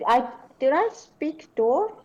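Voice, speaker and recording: A woman's voice: high-pitched, very animated, slow, highs cut off, a little hiss or hum. A woman playing a tabletop game, asking practical questions in casual talk. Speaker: player.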